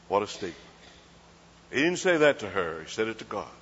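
In a dull, lo-fi recording from a hall, a man preaches a folksy sermon built on stories, putting questions to the crowd and performing little scenes with voices. His medium-pitched voice swings widely in pitch, runs at normal speed, and sounds a bit bright with a breathy edge.

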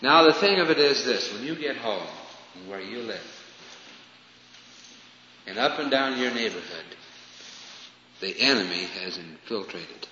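A man preaching a sermon, swinging from loud emphatic lines to hushed, falling phrases. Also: medium pitch, lively intonation, measured pace, pauses often. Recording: dull, roomy hall recording with faint hiss.

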